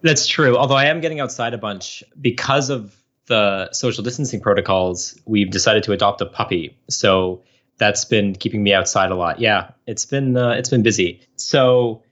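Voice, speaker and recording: A man's voice: on the low side, a bit bright, highs cut off. A man in his thirties, a professor and researcher, explaining his work in a casual interview, chatty, with many fillers.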